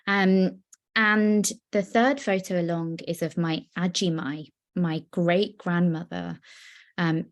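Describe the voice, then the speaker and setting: A young woman giving an earnest, personal talk on a video call, with many pauses and fillers. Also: on the low side, gravelly. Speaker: guest speaker. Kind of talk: virtual presentation.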